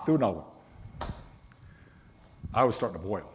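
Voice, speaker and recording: A man's voice: on the low side, expressive, fairly quick, long pauses, slight background noise. A middle-aged man preaching a sermon as a pastor, telling stories in a conversational way and stressing single words. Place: church sanctuary. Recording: long reverb of a church hall.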